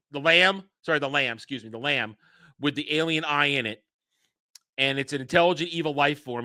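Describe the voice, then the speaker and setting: A man's voice: fairly high pitch, bright, forceful tone, no echo. A man reviewing a TV episode in casual commentary, ranting with exasperated sarcasm. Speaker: show reviewer.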